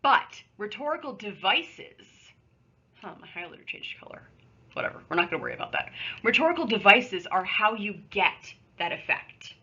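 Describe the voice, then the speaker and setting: Recorded on a home computer mic with dull audio, a woman high school English teacher gives a remote lesson. Her mid-range voice swings widely in pitch, sounding sharp and slightly rough at a moderate pace. She explains things patiently in a conversational manner, adding little asides.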